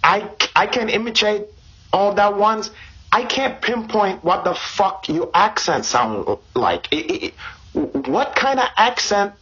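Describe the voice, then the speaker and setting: A crude, boastful Brazilian jiu-jitsu champion, as a man puts him on, talking in halting broken English with a thick Brazilian Portuguese accent. His voice is bright-edged and somewhat husky, and his tone stays deadpan. The sound is slightly muffled podcast audio. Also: high-pitched, full character voice. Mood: brash. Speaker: host. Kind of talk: comic improvised podcast chat.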